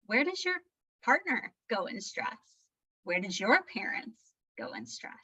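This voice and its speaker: A woman's voice: fairly high pitch, big pitch swings, measured pace, pushed and bright, slightly rough. A woman presenting a live parenting workshop in a conversational, candid way, often checking in with her audience. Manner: conversational, tags points with "right?"; candid and self-deprecating. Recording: slightly muffled lo-fi sound.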